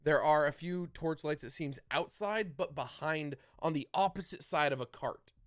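A man narrating a tabletop game as dungeon master, describing scenes with lively swings in loudness. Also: fairly high pitch, normal speed, dry recording, clean studio sound.

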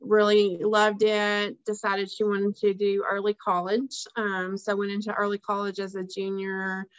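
A woman's voice: medium pitch, monotone, a little slow, clean tone, no room sound, dull audio. A woman school district educator telling a student story on a webinar, emotional and hesitant with many ums. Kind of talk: webinar panel talk.

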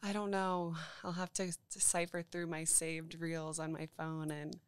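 A woman's voice: deep voice, level tone, unhurried, clean tone, no echo, studio quality. A young adult woman guest in a casual podcast chat, easygoing, laughing and trailing off mid-sentence. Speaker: account strategist, guest.

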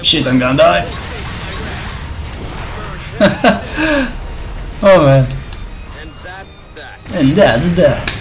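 A man's voice: fairly high pitch, very animated, extremely slow, long pauses. A man streaming a fighting game, muttering reactions, swearing and laughing at his own mistakes as he plays. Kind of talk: casual gameplay commentary. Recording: game music under the voice. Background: game music.

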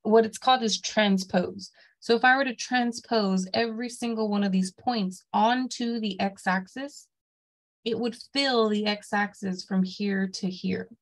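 A woman's voice: medium pitch, a little slow, rough recording. A woman teaching a math class in a plain, mid-range voice. She explains step by step and checks in with "okay?" after each point. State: has the hiccups. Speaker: math instructor. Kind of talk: classroom lecture.

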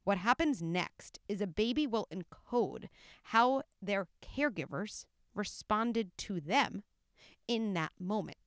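A woman appears as an expert guest and explains ideas step by step in a measured way. Her voice is clear and smooth, and it sits at an everyday pitch. The sound is close and dry. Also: animated, no room sound. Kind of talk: conversational interview.

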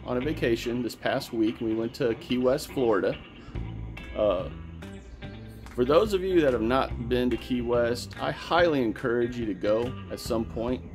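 A middle-aged man, a gardening vlogger, chatting enthusiastically through a casual travel vlog. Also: medium pitch.

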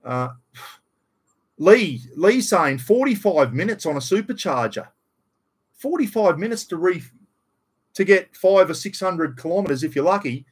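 A man's voice: high voice, lively intonation, unhurried, pauses often, slightly rough. A middle-aged Australian man chatting bluntly and rambling on a casual live stream, still getting over a cough. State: slight cough after illness. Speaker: livestream host.

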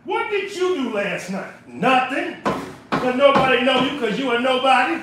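A man's voice: very high voice, lively intonation, normal speed, pushed and bright. A man from California livestreaming from his home kitchen, ranting in a preachy, repetitive, emphatic way. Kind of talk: casual livestream rant. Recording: very echoey room, voice far off.

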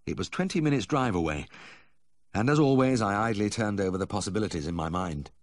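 A man narrating a first-person memoir audiobook in a measured, expressive storytelling manner. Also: lowish voice, dry recording, studio quality.

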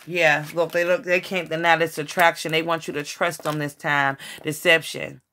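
A woman giving a casual tarot reading to her viewers, excitable and swearing often as she talks to them directly. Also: sits low, normal speed, slight background noise. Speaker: tarot reader.

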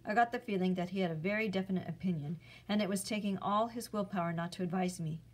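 A woman, a teacher, reading a chapter book aloud in a clear, steady storytelling voice. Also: mid-range voice, quick pace, low-quality recording.

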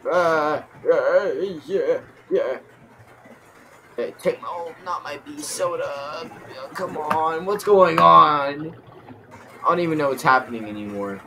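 A young man giving excitable game commentary, rambling and yelping in panic. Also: fairly high pitch, unhurried, noisy background. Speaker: gaming YouTuber.

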